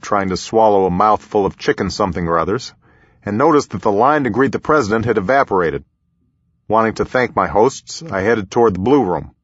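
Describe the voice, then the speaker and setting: A man reading his own memoir aloud in a measured, reflective storytelling manner, in a slightly muffled recording. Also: on the low side, breathy edge, dry recording. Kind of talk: audiobook memoir narration.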